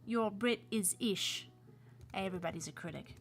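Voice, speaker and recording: A woman's voice: medium pitch, measured pace, fairly bright tone. An American woman, a cartoonist and voice actor, chatting casually and rambling on her livestream with playful asides. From United States.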